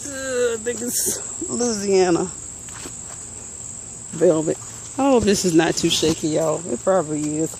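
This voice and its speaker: A woman's voice: fairly low pitch, animated, a little slow, long pauses, a little mellow, a little hiss or hum, rough recording. A woman, out of breath, casually walking through her vegetable garden and muttering plant names as she films. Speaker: gardening vlogger.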